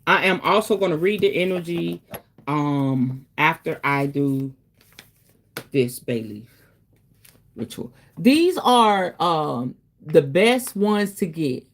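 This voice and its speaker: A woman's voice: sits low, big pitch swings, slow pace, a little hiss or hum. A woman hosting a casual spiritual talk, chatty and preachy, often calling listeners baby and checking in with okay. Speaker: spiritual reader and host.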